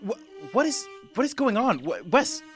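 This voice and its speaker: A man's voice: high-pitched, big pitch swings, unhurried, fairly bright tone, faint music behind, voice pushed up, heavily acted. A man voicing a worried female adventuring companion who stammers when flustered. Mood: confused.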